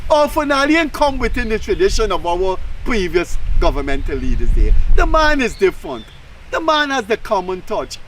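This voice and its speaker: Emphatic high-voiced Guyanese man. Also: normal speed, slight background noise, low-quality recording. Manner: animated, emphatic, mocking asides. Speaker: talk show host. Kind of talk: opinionated commentary.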